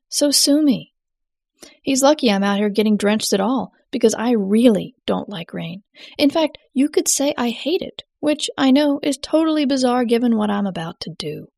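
A woman's voice: mid-range voice, creaky, darkish tone, no room sound, clean studio sound. A woman giving a scripted first-person narration of a story, with a wry, matter-of-fact manner.

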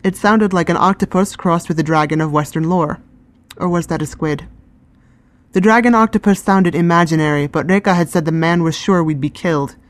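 A woman giving calm, scripted first-person narration of a fantasy story. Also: fairly low pitch, fairly quick.

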